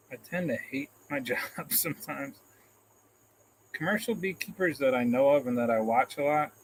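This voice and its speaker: On a casual live stream shot on a phone camera, a male host with a mid-range voice reads out comments, rambling in a self-deprecating way and chuckling often. The recording is rough, with a little hiss or hum.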